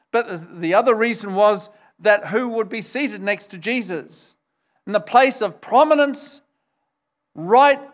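Slow, high-voiced male preacher. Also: a bit bright. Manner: emphatic, retells scripture with acted quotes. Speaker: pastor. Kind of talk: sermon.

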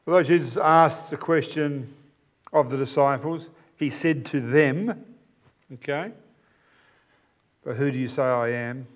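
A man's voice: mid-range voice, unhurried, pauses often. A man preaching a sermon, explaining a passage with emphatic, repeated phrases.

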